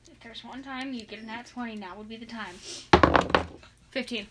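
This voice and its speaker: A woman's voice: fairly high pitch, steady tone, normal speed, very noisy. A woman playing in a tabletop game, joking and sing-songing with the table. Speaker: player. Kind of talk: casual game chat.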